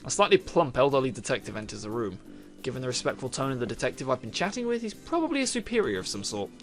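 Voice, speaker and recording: A man's voice: mid-range voice, big pitch swings, fast talker, faint music behind. A man playing through a visual novel, reading its narration aloud and reacting with swearing and laughter. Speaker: gaming youtuber.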